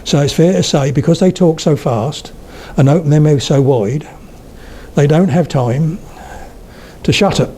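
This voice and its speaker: Older man giving a lively lecture. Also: fairly high pitch, a little slow, long pauses, slight background noise. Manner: chatty storyteller, slips into accent demonstrations. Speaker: guest speaker on spoken English. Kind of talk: public lecture.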